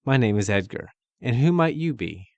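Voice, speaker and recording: A man's voice: medium pitch, lively intonation, normal speed, gravelly, a little mellow, no echo, lo-fi sound, pitched above the performer's own voice. A man voicing a courteous, wry male doctor with a genteel, lightly mocking manner.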